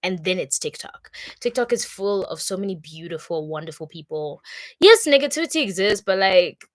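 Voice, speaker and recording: A woman's voice: fairly low pitch, animated, normal speed, no echo. Chatty young woman streaming live. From Congo. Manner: chatty and upbeat, many fillers. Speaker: content creator. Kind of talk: casual livestream chat.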